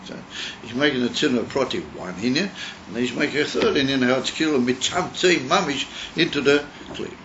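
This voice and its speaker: A rabbi leads a text-study lesson, explaining each idea and thinking aloud with restarts. His voice sits at an ordinary middle pitch for a man. The recording is dull and lo-fi with a faint hiss behind him. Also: animated, a little fast, fairly bright tone. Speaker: rabbi teaching a class.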